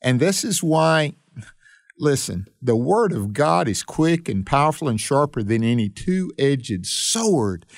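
A man's voice: mid-range voice, sing-song, slow, gravelly, no room sound, studio quality. A man hosting a radio Bible study as a pastor, talking with earnest preacherly emphasis.

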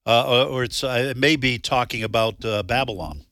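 A man hosts a radio talk show, rambling and restarting as he goes. His voice is bright and sits in a dry, close studio sound. He chuckles at himself between thoughts. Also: medium pitch, a little fast, no echo.

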